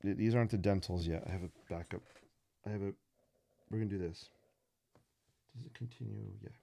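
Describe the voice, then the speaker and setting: A man's voice: fairly low pitch, brisk, gravelly, mellow. A man hosting a live drawing stream, chatting casually and playfully with viewers and making puns as he sketches.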